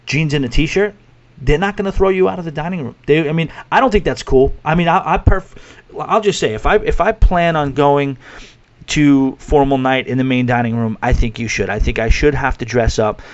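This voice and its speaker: A man's voice: on the high side, normal speed, muffled recording. A man with a New York accent hosting a podcast, chatting casually and self-deprecatingly with lots of restarts. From New York City, USA. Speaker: podcast host. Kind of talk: casual interview chat.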